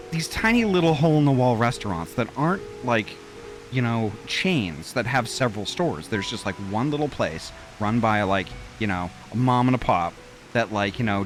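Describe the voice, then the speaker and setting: A man streaming a game and chatting casually, rambling with many fillers and restarts. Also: mid-range voice. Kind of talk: casual chat while gaming.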